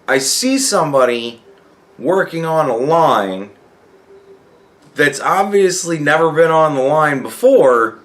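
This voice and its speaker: A man's voice: fairly high pitch, fairly bright tone. A young man telling a work story in a casual, profane rant, acting out the dialogue. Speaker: vlogger.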